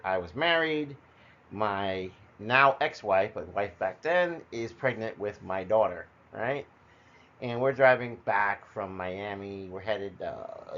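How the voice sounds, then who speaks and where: A middle-aged man with a fairly low voice tells personal stories in a rambling, conversational way, full of fillers and restarts. The recording is dull and lo-fi, and the highs sound muffled. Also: fairly bright tone. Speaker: storyteller. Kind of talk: personal storytelling monologue.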